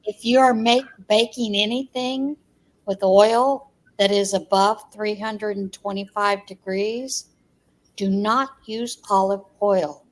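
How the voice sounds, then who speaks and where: A woman's voice: medium pitch, steady tone, takes it slowly. A woman co-hosting a casual live chat who explains practical cooking advice. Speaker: co-host.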